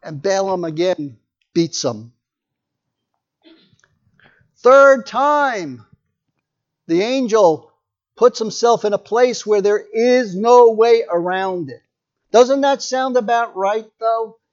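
A man's voice: high-pitched, expressive, takes it slowly, long pauses. A man preaching a sermon, retelling a story in a conversational way with asides to his listeners. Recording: muffled lo-fi recording.

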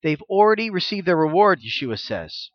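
A man's voice: sits high, sing-song, normal speed, dull audio. A man preaching a sermon in a conversational, emphatic way.

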